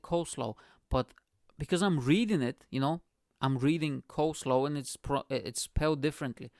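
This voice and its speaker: A man's voice: mid-range voice, no room sound, studio quality. A man, a podcast host, telling a long casual story in English, swearing freely and laughing often. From Bulgaria. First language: Bulgarian.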